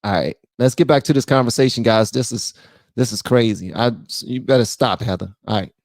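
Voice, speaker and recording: A man hosting a livestream, reacting to clips in casual, animated commentary and often repeating phrases. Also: mid-range voice, brisk, no room sound, clean studio sound. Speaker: host.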